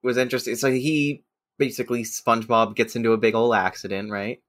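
A man's voice: medium pitch, fairly even intonation, a little fast, a bit bright. A man co-hosting a casual podcast, agreeing easily and restarting his sentences as he recaps the episode. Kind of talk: casual chat.

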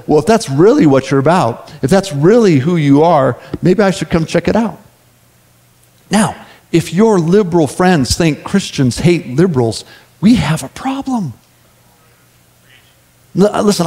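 A middle-aged male pastor giving a sermon with a slightly higher-pitched voice. He talks in an easy, conversational way and keeps checking in with the congregation through rhetorical questions. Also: a little mellow.

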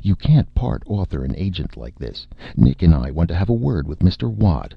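A man voicing a brisk, firm young female literary agent who speaks coldly and businesslike, in a dry, slightly muffled recording. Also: sits low, very animated, creaky, slightly rough, no room sound, heavily acted.

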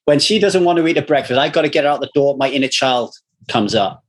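A man, a recovery coach, talking casually in a rambling way, swearing freely and telling animated stories. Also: mid-range voice, fast talker. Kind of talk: casual conversation.

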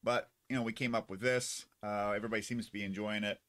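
A man co-hosting a casual livestream chat, talking in halting, rambling bits. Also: lowish voice, steady tone, a bit bright. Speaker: co-host.

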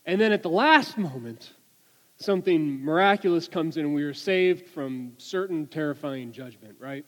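A man giving a sermon, telling an anecdote with lively delivery and many restarts and repeated words. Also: a little high, normal speed, big-room sound, rough recording. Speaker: preacher. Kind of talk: sermon with storytelling.

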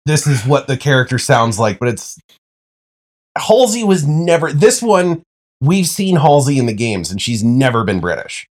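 A man's voice: mid-range voice, big pitch swings, moderate pace. Man co-hosting a casual podcast. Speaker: podcast co-host. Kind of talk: casual chat.

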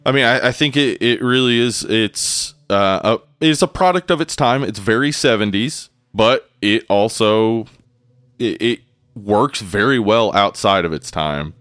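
Smooth-voiced podcast co-host, casual. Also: male voice, on the low side, unhurried, dry recording, clean studio sound. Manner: relaxed, rambling, many restarts. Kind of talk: casual chat.

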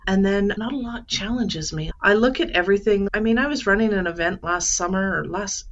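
A woman's voice: mid-range voice, brisk, dull audio. A woman in her forties, a guest in a casual interview, telling candid stories with laughs and acting out the people in them. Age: 40s. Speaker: podcast guest, event manager and grief educator.

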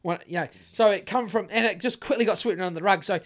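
A man's voice: high-pitched, fast talker. Rambling, profane New man. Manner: rambling, profane, many restarts and fillers. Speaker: podcast co-host. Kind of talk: casual conspiracy podcast chat.

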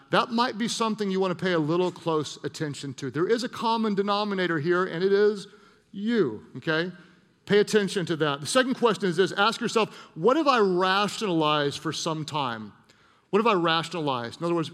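Man, middle-aged pastor, sermon, high bright voice, animated storytelling, long church-hall reverb. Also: normal speed. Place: church auditorium.

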